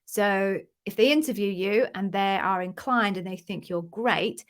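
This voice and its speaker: A woman's voice: mid-range voice, measured pace. A woman giving direct, chatty coaching advice. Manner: direct, conversational, reassuring advice. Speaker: interview coach. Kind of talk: casual Q&A answering viewer questions.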